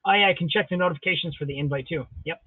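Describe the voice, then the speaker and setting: A man with a notably high voice hosts a live stream in a relaxed, joking way as he reads and answers comments. The sound is dull and dry, with lo-fi stream audio and no room echo. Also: racing, husky. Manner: jokey, playful, answers viewer comments. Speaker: host of a live drawing stream. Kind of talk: casual live-stream chat.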